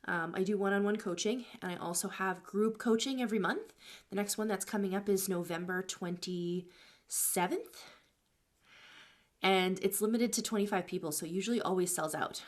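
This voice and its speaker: A woman's voice: mid-range voice, moderate pace. A woman life coach talking casually on a live stream, thanking viewers between stories and advice.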